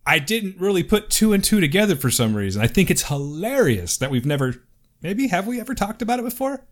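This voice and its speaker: A man's voice: high voice, big pitch swings, brisk. A man hosting a podcast, chatting casually, teasing his co-host and reading listener emails. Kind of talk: casual chat.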